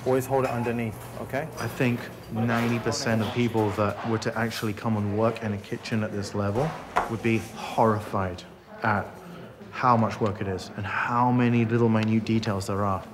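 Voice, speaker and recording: A man's voice: fairly low pitch, level tone, moderate pace, a crowd in the background. A man working as a head chef, talking intensely and swearing as he barks orders. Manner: intense, profane, barking orders. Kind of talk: documentary interview and kitchen shouting. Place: restaurant kitchen.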